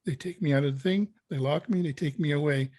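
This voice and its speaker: Lively man telling anecdotes, slightly high voice. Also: fast talker, no room sound. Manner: lively anecdotes, acting out his own panic. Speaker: actor being interviewed. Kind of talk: casual storytelling interview.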